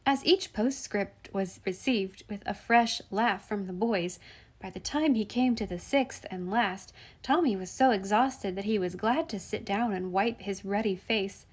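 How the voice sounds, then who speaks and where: A woman narrating a classic children's novel at a measured, gentle pace. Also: mid-range voice, breathy edge. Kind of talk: audiobook reading of a classic novel.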